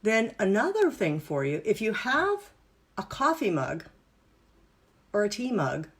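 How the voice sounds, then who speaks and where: A woman's voice: mid-range voice, wildly swooping pitch, a little slow, breathy edge. Upbeat woman coaching a live workshop. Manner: upbeat, playful, instructive. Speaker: wellness and business coach. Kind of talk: live online workshop teaching exercises.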